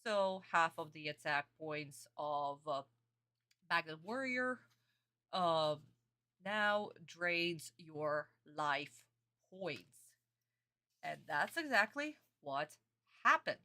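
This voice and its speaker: Young woman streaming, chatty, calls chat honey, lowish voice but bright and punchy. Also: animated, extremely slow, pauses often. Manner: talks back to chat comments. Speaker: streamer reacting to a cartoon. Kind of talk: casual live-stream commentary.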